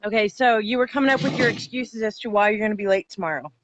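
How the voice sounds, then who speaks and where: A woman's voice: medium pitch, fast, noisy background. A woman hosting a casual live stream, teasing her guest and swearing freely.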